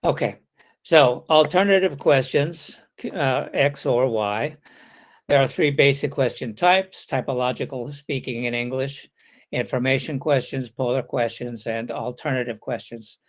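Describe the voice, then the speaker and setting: A man's voice: medium pitch, unhurried. Explanatory male webinar lecturer. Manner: explanatory, reads example questions aloud with contrasting intonation. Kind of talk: online lecture.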